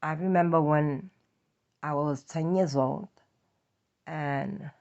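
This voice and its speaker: A woman's voice: sits low, slow, darkish tone. A woman from New York with a New York accent, telling a personal story in a blunt, profane, emphatic way. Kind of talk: confessional story time. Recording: dull lo-fi audio.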